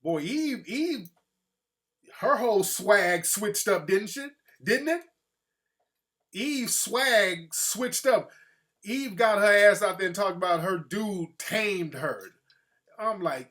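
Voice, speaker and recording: A man hosting a show speaks slowly in a high voice, offering animated, casual and profane opinions. He often slips into mocking impressions.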